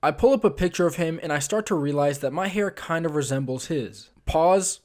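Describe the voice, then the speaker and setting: A man's voice: fairly high pitch, fairly quick, darkish tone. A young man and vlogger telling a comic story about his past in a casual, self-mocking way, with frequent ums and uhs. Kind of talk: comedic storytime narration.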